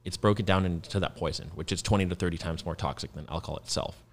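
A man's voice: deep voice, quick pace. A man in his thirties, a guest founder explaining his work in a loose, casual podcast chat with plenty of fillers.

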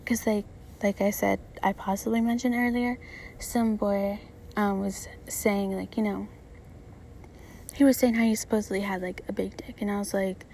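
A young woman rambles through a solo podcast, blunt and profane, with plenty of filler words. Her voice has a gravelly edge, and a faint hum of room noise sits behind it. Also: medium pitch, level tone, normal speed, warm tone. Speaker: podcast host. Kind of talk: casual solo podcast monologue.

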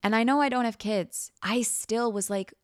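A woman's voice: on the high side, moderate pace, dry recording, clean studio sound. A young woman hosting a podcast, telling a personal story frankly and vividly, acting out quoted lines and swearing casually. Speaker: podcast host.

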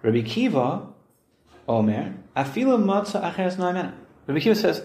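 A man's voice: high voice, fairly quick. A man teaching Talmud in an echoey room. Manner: lively explaining, acts out quotes. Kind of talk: Talmud study lesson. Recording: roomy echo.

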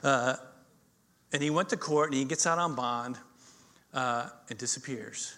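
A middle-aged male pastor preaching a sermon, telling stories with swings between loud emphasis and quiet intensity. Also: medium pitch, a little slow.

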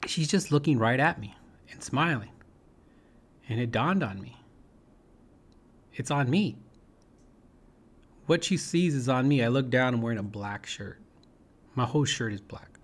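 A man tells a personal story in a loose, conversational way. He rambles, restarts and leans on "you know" and "right?" as he goes. His voice sits at an ordinary middle pitch. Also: expressive, a little slow, pauses often. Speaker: speaker sharing a personal story. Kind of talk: informal storytelling talk.

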